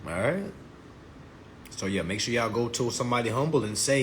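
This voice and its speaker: A man's voice: normal speed, slight background noise. A man giving a casual live-stream monologue, brash, profane and mocking as he promotes his class. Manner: lively pitch swings.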